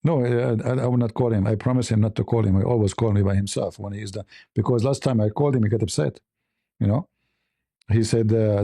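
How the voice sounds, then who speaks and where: A male livestream host with a gravelly, mellow voice. He teases and provokes in casual talk, slowing down to lean on his points. The sound is close and dry. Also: on the low side, steady tone, dry recording. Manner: mocking, provocative, drawn-out emphasis.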